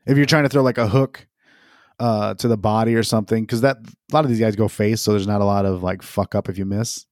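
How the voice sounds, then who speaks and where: A man's voice: fairly low pitch, fairly even intonation, a little fast, a little mellow, no room sound, studio quality. A man co-hosting a podcast in casual chat, rambling and joking with plenty of swearing. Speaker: podcast co-host.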